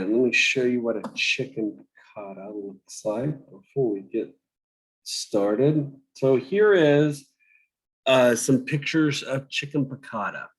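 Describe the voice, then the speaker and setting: A man teaching a cooking class over a video call, talking slowly with many fillers and restarts. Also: mid-range voice, rough recording. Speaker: cooking instructor.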